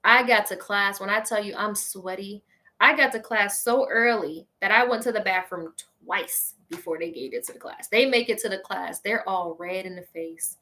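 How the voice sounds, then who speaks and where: A woman hosting a show, telling a funny personal story in an animated, exclaiming way, talking straight to her listeners. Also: medium pitch, moderate pace. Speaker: host.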